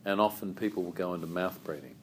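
A man teaching a yoga class, calm and asking the group questions. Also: sits low, fast, a little hiss or hum.

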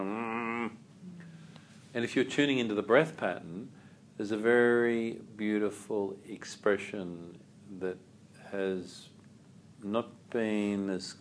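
A man teaching a yoga class, calm and asking the group questions. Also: on the low side, a little hiss or hum.

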